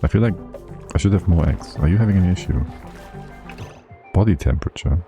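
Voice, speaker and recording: A man's voice: low-pitched, fairly quick, music in the background. A man giving casual, chatty livestream commentary on a game, thinking aloud and laughing often. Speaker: streamer.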